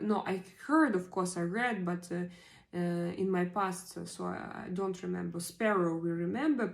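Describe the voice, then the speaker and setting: A woman's voice: on the low side, gravelly, poor audio. A woman in her forties with non-native English, chatting on a live stream and hesitantly repeating vocabulary words aloud. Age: 40s. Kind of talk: casual live-stream chat, practicing vocabulary.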